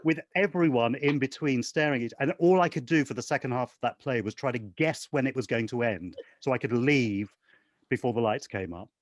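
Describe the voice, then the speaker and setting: A male guest on a chat show telling a comic anecdote with lively, self-mocking energy. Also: mid-range voice, fairly quick, dry recording. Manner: animated storyteller, mimics himself shouting.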